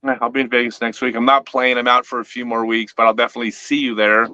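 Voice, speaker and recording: A man's voice: medium pitch, level tone, fast, bright, forceful tone, clear, resonant tone, no room sound. Guy hosting a chat, lots of restarts, jokey teasing, kinda muffled lo-fi sound. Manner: rambling with frequent restarts, playful teasing. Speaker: host, disc company owner. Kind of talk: casual interview chat.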